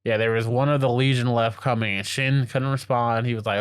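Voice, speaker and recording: A man co-hosting a podcast, recapping a story in an excited, slangy way and acting out the characters' lines as he goes. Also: mid-range voice, fairly quick, clear, resonant tone, no room sound, clean studio sound. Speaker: podcast co-host. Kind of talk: casual anime recap chat.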